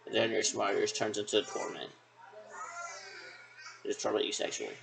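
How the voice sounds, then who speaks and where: A man's voice: on the low side, moderate pace, gravelly, poor audio. A man talking in a rambling, repetitive monologue that keeps circling back on itself with hesitant restarts.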